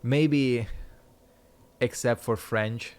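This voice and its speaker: A man's voice: mid-range voice, steady tone, extremely slow. A man chatting casually while streaming a game, rambling and swearing freely. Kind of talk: casual gameplay commentary.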